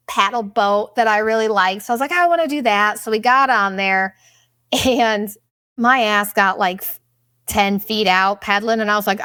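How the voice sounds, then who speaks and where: A young woman hosting a podcast, telling a travel story in a casual, animated, profane way. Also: mid-range voice, dry recording, clean studio sound. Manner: profane, animated, exaggerated retelling. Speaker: podcast host.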